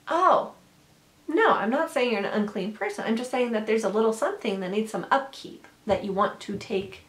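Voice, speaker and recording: A woman's voice: medium pitch, reverberant. A woman educator giving an earnest workshop talk, acting out the people she quotes. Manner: earnest, acts out quoted voices.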